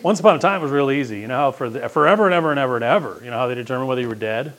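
Brief: male preacher with a twang, mid-pitched voice, folksy and conversational, swings between big emphatic peaks and hushed asides. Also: animated, rapid-fire. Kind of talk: sermon.

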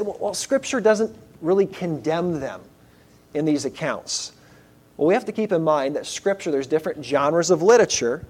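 A man delivering a sermon in a voice a little higher than most. He speaks earnestly but in a conversational tone, now and then turning to address the congregation directly. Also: mellow. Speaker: pastor.

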